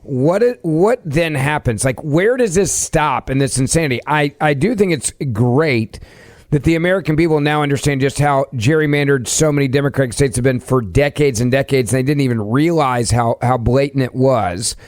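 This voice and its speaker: A man co-hosting a political talk show, asking his guest pointed questions in an animated way. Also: mid-range voice, moderate pace, no echo, studio quality. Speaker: podcast co-host, interviewer.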